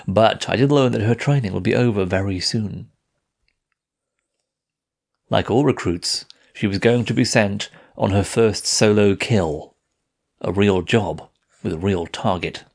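A man narrating a first-person audiobook in a measured, steady reading voice. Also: lowish voice, vocal fry.

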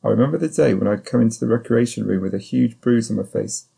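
A man narrating a first-person novel as an audiobook, in a measured, sombre storytelling voice. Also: medium pitch, vocal fry, mellow, breathy edge.

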